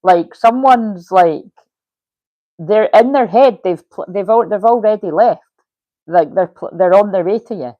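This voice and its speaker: A woman's voice: mid-range voice, unhurried, no room sound, dull audio. A woman giving a casual livestream tarot reading, chatty, swearing freely and laughing often. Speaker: tarot reader.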